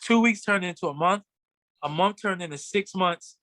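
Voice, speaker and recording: A man's voice: high voice, normal speed, no room sound. A man, a fashion designer guest, telling his story animatedly in a casual interview. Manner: animated storyteller, acts out quotes. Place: studio.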